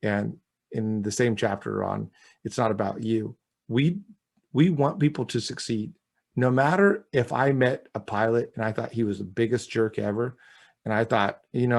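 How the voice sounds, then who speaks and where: Gravelly, husky male speaking coach. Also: medium pitch, normal speed. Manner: energetic, emphatic, coaching tone. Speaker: communication coach, guest. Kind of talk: interview chat.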